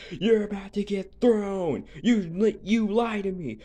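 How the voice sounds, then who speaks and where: An amateur performer voicing all the characters of a homemade fan drama, excitable and full of exclamations and hesitant fillers. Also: mid-range voice, a little slow.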